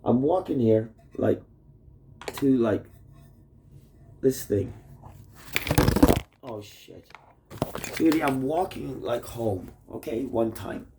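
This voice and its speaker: A man's voice: mid-range voice, lively intonation, slow, pauses often, background noise. A man recording a rambling video message to his wife at home on a phone, swearing constantly and jumping from topic to topic. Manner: heavy swearing, jumps between topics. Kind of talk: rambling casual monologue. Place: at home in a messy rented room. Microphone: phone plugged in nearby.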